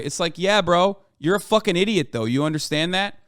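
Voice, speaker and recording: A man's voice: high voice, a little fast, fairly bright tone, no echo, studio quality. A man streaming a heated, profane and sarcastic rant reacting to the news. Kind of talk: ranting commentary.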